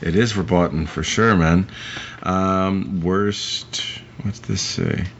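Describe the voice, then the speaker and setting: A man with a very low, deep voice co-hosts a casual movie-review podcast. He talks in loose, profane, rambling asides. The recording is muffled and lo-fi, with a faint hiss underneath. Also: slow, gravelly. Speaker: podcast co-host.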